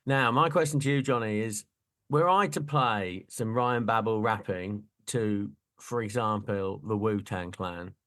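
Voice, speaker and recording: A man's voice: on the low side, a little slow. Chatty middle-aged man, jokey. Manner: animated, jokey, laughing often. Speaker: podcast co-host. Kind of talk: casual chat.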